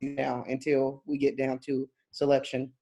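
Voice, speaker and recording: A woman's voice: a bass voice, monotone, measured pace, mellow. Chatty woman hedging her sports picks. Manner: rambling, hedging, laughs often. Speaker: podcast co-host. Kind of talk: casual sports chat.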